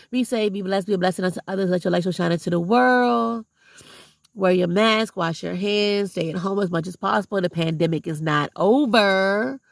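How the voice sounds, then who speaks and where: Gravelly, passionate woman vlogger. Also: on the low side, dry recording. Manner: passionate, preachy and blunt. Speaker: vlogger and substitute teacher. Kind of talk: heartfelt casual vlog monologue.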